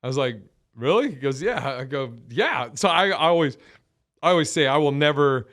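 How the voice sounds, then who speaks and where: A man's voice: fairly high pitch, lively intonation, a little fast, fairly bright tone. A man in his thirties, a comedian guest telling stories in a loose, rambling way, swearing often and correcting himself mid-sentence. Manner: rambling, profane, self-correcting. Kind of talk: casual storytelling.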